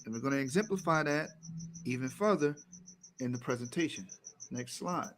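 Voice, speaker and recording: A man's voice: lively intonation, normal speed, a bit bright. A man presenting slides as co-host, lecturing in an emphatic way and repeating key words. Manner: emphatic, repeats key words, rises in pitch when driving a point home.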